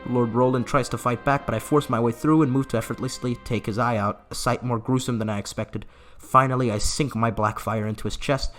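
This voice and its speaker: A man's voice: mid-range voice, steady tone, brisk, few pauses, a bit bright, faint music behind. A man giving casual gameplay commentary, laughing often and reading game text aloud with asides. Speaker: gaming YouTuber.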